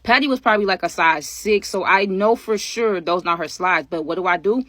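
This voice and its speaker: Young woman vlogger, casual storytime, rapid delivery, dead-dry close mic. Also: medium pitch, dry recording. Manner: animated, slangy, talks to viewers as y'all.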